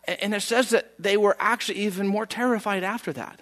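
A man's voice: high voice, fairly quick, few pauses, a bit bright. A man preaching a conversational sermon, telling the story in a folksy way with chatty asides. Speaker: pastor.

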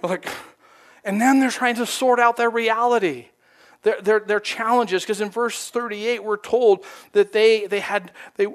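A male pastor giving a conversational, animated sermon, acting out quotes as he tells the story. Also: high-pitched. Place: church sanctuary.

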